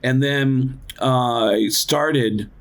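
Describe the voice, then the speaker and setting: An American male comedian and impressionist, appearing as a podcast guest, tells a story very slowly and casually, peppering it with "like" and "dude." He's animated, acting out other people's voices with big jumps in pitch.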